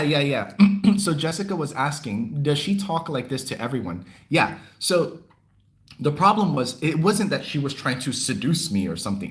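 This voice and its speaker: A young man hosting a livestream, chatting casually and telling a story in an animated, expressive way. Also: medium pitch. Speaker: livestream host. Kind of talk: casual chat.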